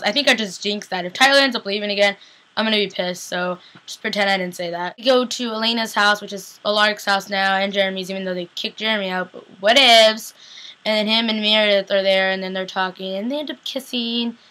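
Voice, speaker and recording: A young woman recapping a TV episode in a casual, chatty and excitable way, saying "like" a lot. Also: mid-range voice, fairly quick. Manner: chatty and excitable, heavy use of "like". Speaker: TV recap vlogger.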